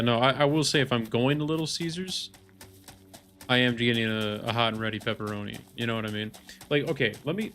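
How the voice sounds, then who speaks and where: Gravelly, rambling male streamer. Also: medium pitch, fairly bright tone. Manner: rambling, profane, mock-ranting. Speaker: game streamer. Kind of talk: casual live-stream chat.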